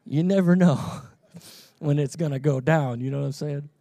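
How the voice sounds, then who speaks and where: A pastor with a slightly raised voice delivers a sermon in a dry, close recording. He tells stories in a loose, chatty way and then rises into loud, impassioned preaching. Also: a little high, normal speed, creaky, no room sound. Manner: conversational storytelling that builds to loud fervent preaching.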